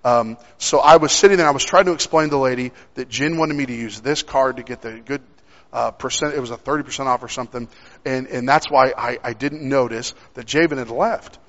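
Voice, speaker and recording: A man's voice: medium pitch, fairly quick. Man, young adult, sermon, conversational, long hall reverb, muffled sound. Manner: conversational storytelling with many restarts. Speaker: preacher. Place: church sanctuary.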